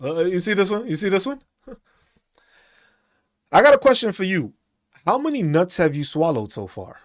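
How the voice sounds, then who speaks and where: A man's voice: high-pitched, sing-song, a little slow. Profane, mocking man ranting. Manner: mocking, profane, laughing between taunts. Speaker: podcast host. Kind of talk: ranting commentary reacting to comments.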